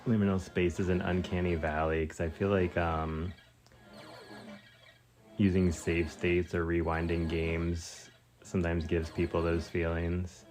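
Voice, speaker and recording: A male streamer, a native Spanish speaker, comments casually on a game in a deep, unhurried voice. He drops slang and exclamations, trailing off with fillers now and then. Faint game music plays under him. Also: level tone, a little mellow. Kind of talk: casual live gameplay commentary.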